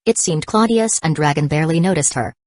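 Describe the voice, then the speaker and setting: A woman reading an audiobook in a steady, even scripted narration. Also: sits low, fairly quick, no room sound.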